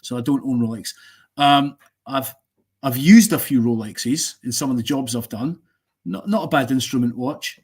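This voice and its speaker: A man's voice: mid-range voice, normal speed, darkish tone, breathy edge. A man hosting a casual live stream, giving strong opinions in a rambling way and joking with viewers.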